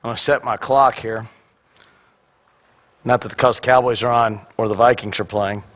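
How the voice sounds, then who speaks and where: A male pastor with a raspy, hoarse voice, mixing wry self-deprecating jokes with a scripture reading. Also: mid-range voice, steady tone, moderate pace, a bit bright, slight background noise. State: hoarse, coughing. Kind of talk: sermon.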